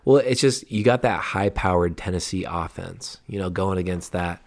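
A man with a low voice talks at a normal pace as a podcast co-host, casually discussing college football in a laid-back way and hedging with frequent fillers.

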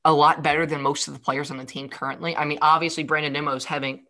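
A man talks sports on a casual podcast, hammering the same point two or three times over. His voice is bright and forceful. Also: on the high side, little pitch movement, fast talker. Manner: emphatic, repeats his points. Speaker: podcast co-host.

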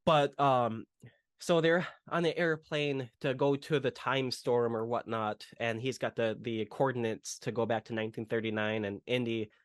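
On a casual movie podcast, a male host rambles through retellings of film scenes, using many fillers. He speaks at a moderate pace in a steady, medium-pitched voice, and the studio audio is clean with no room sound.

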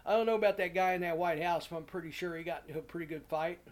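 Guy with a high voice rambling thru a crude prank call story, cussing constantly. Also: very fast. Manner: profane, rambling, acts out shouting callers. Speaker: podcast co-host.

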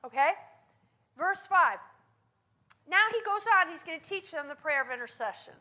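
A woman's voice: high voice, expressive, normal speed, bright, forceful tone. A woman teaching on prayer in a sermon style. She speaks with emphasis and often checks in with her listeners. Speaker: Bible teacher.

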